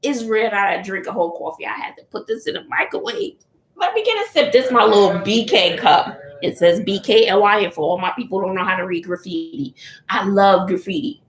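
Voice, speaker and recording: A woman's voice: mid-range voice, fairly quick, roomy sound. A middle-aged woman, chatting casually with viewers live from home, laughing often and calling them honey and child. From Texas. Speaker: channel host doing a live chat. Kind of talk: casual livestream chat. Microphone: phone or computer.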